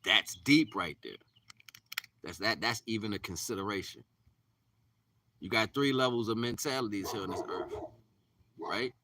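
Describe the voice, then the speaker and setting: Very bright-voiced man teaching from far off. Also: lowish voice, moderate pace, long pauses, slight background noise. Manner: repetitive, preachy, drops to near-whisper. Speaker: spiritual teacher. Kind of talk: live-streamed spiritual talk.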